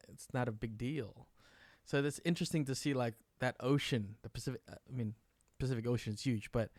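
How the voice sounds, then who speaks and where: A man's voice: medium pitch, dry recording, clean studio sound. A man co-hosting a casual live panel chat, reading out viewer comments and joking with mock voices. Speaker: co-host.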